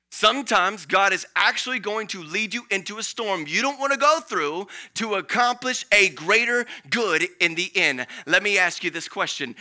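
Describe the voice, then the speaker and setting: A male pastor preaching a sermon, swinging between hushed lines and loud emphatic ones, acting out the voices in the story he tells. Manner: preaching with dramatic swings of loudness and pitch, acting out quoted voices.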